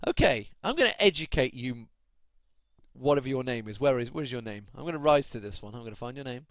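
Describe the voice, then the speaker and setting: A man streams his own match commentary, chatting and laughing as he answers his viewers. His voice sits at an ordinary middle pitch and is recorded dry and close, with no room around it. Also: expressive, moderate pace, dry recording. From United Kingdom. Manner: chatty, laughing, ranting at chat. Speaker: esports caster. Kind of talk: solo live stream commentary.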